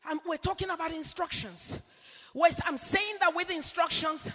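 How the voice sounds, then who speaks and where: A woman from England preaching a sermon with passion, swinging between shouted declarations and quiet confession. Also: very high-pitched, normal speed. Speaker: apostle preaching. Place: church hall. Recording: long hall reverb with faint music.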